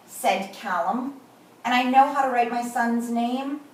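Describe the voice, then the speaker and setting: A middle-aged woman teaches kindergarten in a patient, deliberate way, stretching out words for young learners. Her voice sits fairly high, and she sounds set back from the mic in a room with a lot of echo and a faint hiss behind her. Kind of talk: teaching a class. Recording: echoey room, far from the mic.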